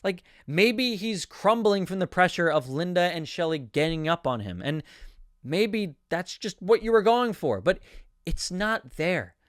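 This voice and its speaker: Candid young man with a high, smooth voice. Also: very animated, a little slow, a bit bright, no room sound, clean studio sound. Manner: candid, stammering restarts. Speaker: screenwriting coach. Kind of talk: screenplay critique.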